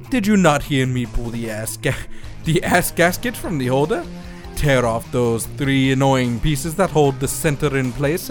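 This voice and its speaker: A man co-hosting a comedy show, reading a crude advice letter aloud in a put-on foreign voice. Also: fairly high pitch.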